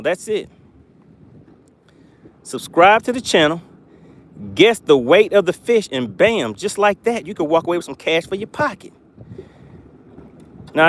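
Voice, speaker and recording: A man hosting a fishing livestream from a boat, teasing and laughing with his chat viewers. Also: high voice.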